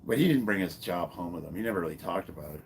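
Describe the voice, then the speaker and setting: A man in his fifties, a former Marine, telling a long personal story in a casual, halting way, swearing freely and stopping to restart his sentences. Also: low voice, expressive, breathy edge. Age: 50s. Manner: halting, profane, full of fillers and restarts. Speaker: fitness vlogger and former Marine.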